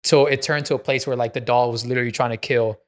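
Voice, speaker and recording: A man hosting a casual podcast, talking in a relaxed, slangy way and retelling things at length. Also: mid-range voice, fast. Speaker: podcast host.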